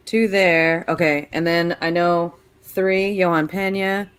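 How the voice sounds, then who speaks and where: A woman in casual chat who is counting votes aloud, halting and casual. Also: fairly low pitch, steady tone, smooth. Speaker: vote counter.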